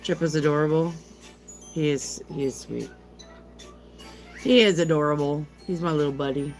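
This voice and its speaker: A woman's voice: deep voice, moderate pace, soft background music. An older woman hosting a tarot livestream, chatting casually and affectionately, greeting viewers by name.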